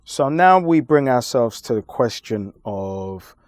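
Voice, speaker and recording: A man being interviewed, arguing his points in a forceful, lecturing way with deliberate pauses. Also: mid-range voice, animated, dry recording, studio quality. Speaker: interview guest. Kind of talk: emphatic conversational argument.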